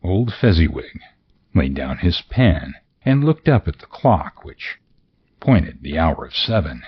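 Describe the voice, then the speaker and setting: Male narrator, slow and very deep, dull lo-fi sound. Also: slight background noise. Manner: expressive, theatrical reading. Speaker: audiobook narrator. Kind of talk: scripted narration.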